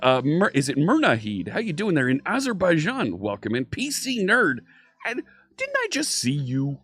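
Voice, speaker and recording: Slightly high and husky, his fairly bright voice swoops wildly in pitch while he keeps a measured pace. He's a man from Philadelphia, USA, with a faint Philly accent, running an upbeat, casual programming live stream from his home studio and greeting viewers by name. Faint synthwave plays underneath.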